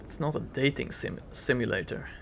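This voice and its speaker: Gravelly man casually playing a game. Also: mid-range voice, moderate pace, a little hiss or hum. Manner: joking asides, self-correcting. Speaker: let's play host. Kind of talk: casual let's play commentary. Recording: game music playing behind.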